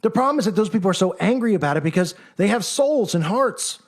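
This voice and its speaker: Man, high-pitched voice, argumentative monologue, combative, mocking, rhetorical questions. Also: expressive, fast. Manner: acts out critics in mock voices. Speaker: commentator.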